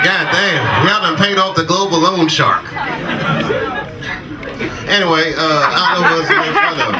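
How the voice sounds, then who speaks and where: A man's voice: on the high side, very noisy. Profane American stand-up man. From United States. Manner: profane, teasing the crowd, laughing often. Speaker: stand-up comedian. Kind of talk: stand-up comedy. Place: basement club in London. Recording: distant live mic with a loud crowd.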